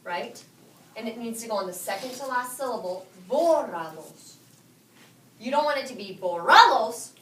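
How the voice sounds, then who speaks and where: A woman teaching a high school Spanish class, quizzing her students and repeating their answers back to them. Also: fast, slight background noise. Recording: echoey classroom from far off.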